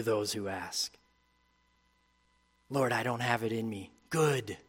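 A man delivers a sermon as pastor. He reads scripture aloud and builds in intensity. Then he drops to a quiet, reflective tone. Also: lowish voice, slow, pauses often, husky.

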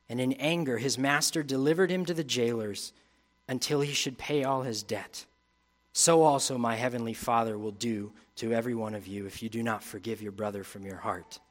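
A man, preaching a sermon as pastor. He reads scripture aloud, building in intensity, then drops to quiet reflection. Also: mid-range voice.

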